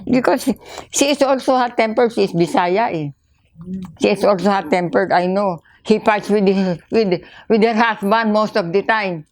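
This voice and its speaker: An older woman with a Filipino accent, recounting memories in a halting way, repeating words and slipping into Tagalog. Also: mid-range voice. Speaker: interviewee. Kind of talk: casual storytelling interview.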